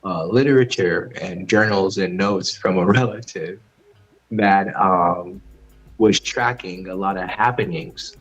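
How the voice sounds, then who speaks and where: A man with a fairly low voice tells a story on a call-in stream. He stalls often with ums and uhs, and faint music plays behind him. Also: a bit bright, rough recording. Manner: halting, full of ums and uhs. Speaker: caller.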